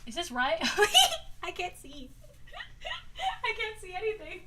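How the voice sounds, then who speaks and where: A woman's voice: very high voice, huge pitch swings, slow pace, bright, forceful tone, distant mic, slight background noise. A woman livestreaming in a casual chat, giggling constantly and rambling while she fiddles with things off to the side. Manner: busy with her hands while talking, distracted. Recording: voice a bit off-mic.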